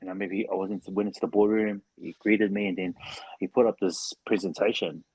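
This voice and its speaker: A man's voice: low-pitched, fairly even intonation, quick pace, a little mellow, husky, no room sound. A man in his forties from New Zealand, a former rugby league player, talking as a podcast guest in a laid-back, rambling way with lots of fillers. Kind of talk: casual interview chat. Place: podcast studio.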